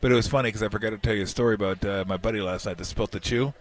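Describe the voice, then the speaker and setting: A man's voice: lowish voice, racing. A man in his fifties co-hosting a sports radio show, telling a story in casual banter and acting out the quotes. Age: 50s. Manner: animated storyteller, repeats himself, acts out quotes. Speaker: radio co-host. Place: convention hall radio row booth.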